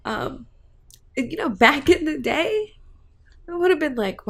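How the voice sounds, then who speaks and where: In an emotional personal vlog, a woman talks about her family and her hopes, rambling and heartfelt with many fillers and tearful at times. Her high voice swings widely in pitch, moving a little slowly with creakiness and frequent pauses.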